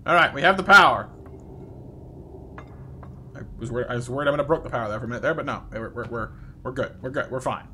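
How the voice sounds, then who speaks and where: A man's voice: mid-range voice, fast talker, long pauses, sharp tone, slight background noise. A young man doing playful live gameplay commentary, chatting with viewers by name and coaxing game characters along. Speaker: streamer.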